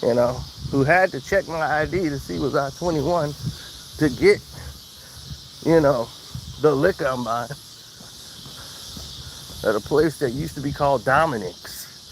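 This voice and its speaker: A man's voice: on the high side, unhurried, long pauses, poor audio. A young man casually telling a wry anecdote outdoors, laughing now and then. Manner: laid-back, wry, laughs through story. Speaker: storyteller vlogger. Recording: outdoor cricket noise.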